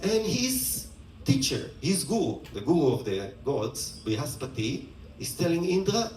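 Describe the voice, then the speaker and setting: Playful male storyteller: lively high voice, slow telling, distant roomy mic. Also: a little hiss or hum. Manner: animated, playful, laughing asides. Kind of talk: retelling a myth to an audience.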